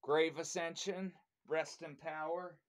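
A man's voice: a little high, level tone, slow. A young man hosting a record review vlog, rambling in casual chat with lots of fillers and swearing, getting keen about the music. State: frustrated while searching his shelves.

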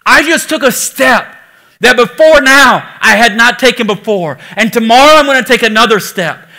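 A male pastor preaching a sermon to a congregation, swinging from loud exhortation to hushed pleading and acting out quoted voices. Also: high-pitched. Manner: acts out quoted voices in everyday speech. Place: church sanctuary.

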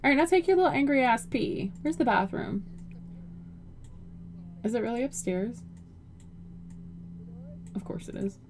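A woman's voice: a little high, expressive, unhurried, pauses often, darkish tone, slight background noise. A young woman giving casual, profane, joking commentary over a life-simulation game and talking to her character. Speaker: gaming video host.

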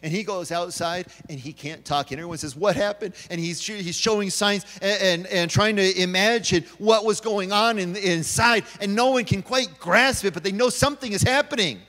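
A pastor with a high-pitched, bright and forceful voice preaches at a moderate pace with hardly any pauses. Soft music plays behind him and a long reverb tail fills the church sanctuary as he tells stories, voicing the people in them.

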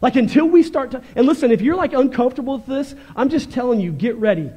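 A male pastor preaching a fervent, animated sermon, moving between loud bursts and quieter stretches. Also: extremely high pitch, fast, slightly rough, highs cut off.

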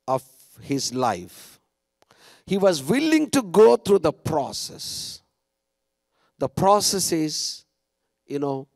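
A man preaching a sermon at a conference, rising to loud cries and dropping to hushed asides. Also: on the high side, no echo, studio quality. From India. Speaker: pastor. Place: conference hall.

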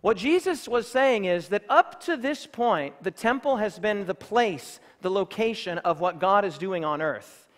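A man preaching a sermon in a church, emphatic and building to loud declarations. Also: high-pitched, a little slow, few pauses, long reverb tail. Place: church sanctuary.

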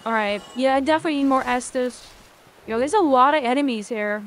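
A woman with a high voice commentates her gameplay live. She is excitable, curses often and chats casually with her viewers between fights. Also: a little fast, slight background noise. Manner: excitable, swears often, talks to chat. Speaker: game streamer.

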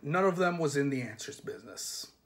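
A man reading a comic fantasy novel aloud in a measured, dry storytelling manner. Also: on the high side, animated, a bit bright, slight background noise. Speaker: reader.

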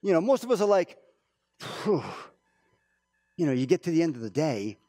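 Male pastor, lively up-and-down delivery, dry close sound, informal church sermon. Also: a little high, very fast, no echo. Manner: informal, animated storytelling with many restarts. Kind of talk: conversational sermon.

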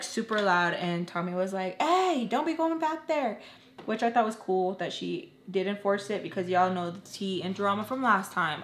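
A woman's voice: medium pitch, a bit bright. A young woman telling a personal storytime while doing her makeup, chatting casually with her viewers. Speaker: vlogger. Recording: roomy echo.

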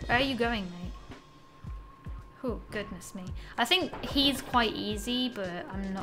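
A woman's voice: a little high, moderate pace, bright, forceful tone, soft background music. A young woman giving casual gameplay commentary, exasperated, swearing often and talking to herself. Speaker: gaming channel host.

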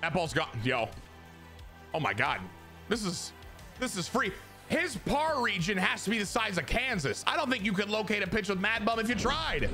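A young man with a high, bright voice gives live commentary on his own baseball video game. He leaps from loud hyped yelling to low muttered complaints, and his pitch swings all over the place. Music plays faintly under his voice. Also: normal speed. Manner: excitable, swings from hyped shouting to muttered grumbling. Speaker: gaming YouTuber.

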